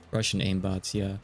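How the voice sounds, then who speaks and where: A man streaming a game, chatting in a casual, rambling way that slightly stutters. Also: low-pitched. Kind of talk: casual let's-play commentary.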